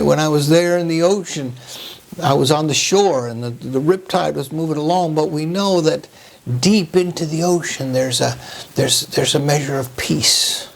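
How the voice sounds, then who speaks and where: A man giving a slow, reflective spiritual talk, often restarting his phrases and asking "right?" as he works through his thoughts. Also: a little high, creaky. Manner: slow, searching, with frequent restarts and rhetorical "right?". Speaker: preacher.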